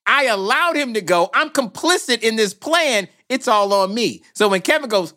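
Man, film producer, animated storyteller, acts out voices, high-ish bright voice, very expressive pitch. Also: moderate pace, few pauses. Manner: acts out voices in anecdotes, swings from hushed to exclaiming.

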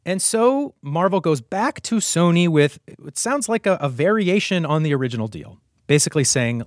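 A man's voice: fairly high pitch, big pitch swings, moderate pace, few pauses, no room sound, studio quality. A man hosting a podcast, narrating in a conversational way and acting out quotes with animation. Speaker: host.

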